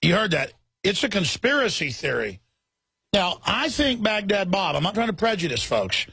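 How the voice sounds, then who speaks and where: A man hosts a talk radio show in a high, gravelly voice that has a husky edge. He rants fiercely and mockingly, jumping from one point to the next. The sound is dry and close. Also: very animated, sharp tone, no room sound. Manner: fiery, mocking, rapid tangents.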